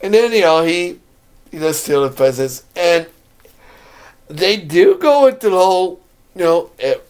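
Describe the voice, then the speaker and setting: A man's voice: high-pitched, animated, measured pace, clean tone. A man casually and enthusiastically talking through a favorite movie for his video blog, rambling and laughing often. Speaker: video blogger reviewing a movie.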